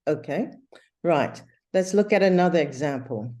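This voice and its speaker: Over a video call, a woman teaches English, explaining slowly and patiently with lots of fillers. Her voice is fairly low and darkish in tone.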